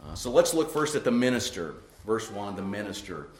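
A man's voice: fairly low pitch, sing-song, fairly quick. A man preaching an expository sermon as pastor. He talks emphatically, repeats key words and keeps asking "right?" as he explains a passage. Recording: echoey room.

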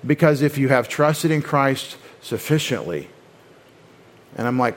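A man's voice: mid-range voice, animated, measured pace, long pauses. A man preaching an evening teaching sermon, explaining doctrine in an earnest, conversational way with frequent restarts. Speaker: pastor.

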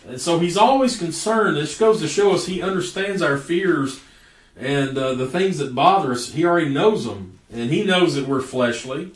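A man's voice: a little high, lively intonation, moderate pace. A man preaching a sermon in a folksy storytelling way, stretching out words for emphasis. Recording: echoey room from a distance.

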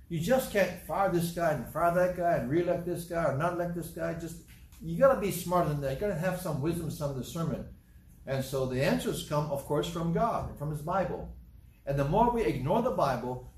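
A man preaches a sermon with emphatic, repeated points and plain talk. His voice sits a little high for a man. The sound carries a roomy echo, as in a church hall. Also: a little mellow, distant mic. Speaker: pastor.

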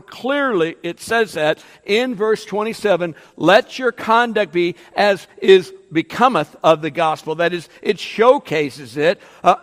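A man's voice: sits high, a bit bright. A man preaching a sermon as pastor, emphatic and rising and falling, with frequent fillers. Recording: long hall reverb.

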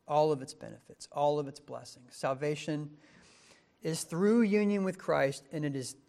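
Male pastor, sermon delivery, slightly higher voice, builds to emphatic questions. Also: a little mellow. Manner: emphatic preaching, rising to stress questions.

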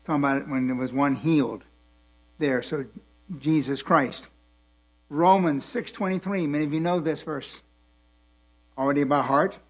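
This is a man preaching from the Bible at day's end, sounding tired, deliberate and slow. He repeats key ideas and lets the congregation call out words, and his voice is a little high.

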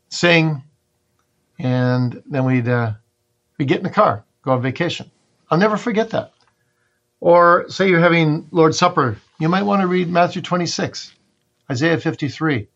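A man's voice: medium pitch, lo-fi sound. A man being interviewed as a pastor and author, giving earnest teaching in numbered points with homely family examples. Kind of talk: instructive interview answers.

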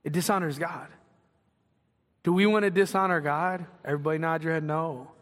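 Man preaching, high voice, conversational sermon, long hall reverb, church sanctuary. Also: steady tone, a little fast. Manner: conversational preaching with asides and acted quotes. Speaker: pastor.

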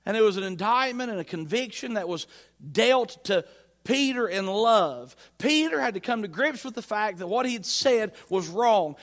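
A man's voice: high voice, a bit bright. A man preaching a sermon in church, emphatic and repeating his phrases with rising force. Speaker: pastor.

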